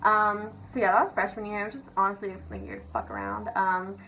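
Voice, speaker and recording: A woman's voice: medium pitch, sing-song, fast talker, sharp tone, a little hiss or hum, low-quality recording. A young woman vlogger telling casual stories about her school years. She giggles, swears freely and fills her speech with "like". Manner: giggly, profane, filler-heavy with constant "like". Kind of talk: casual storytelling rant.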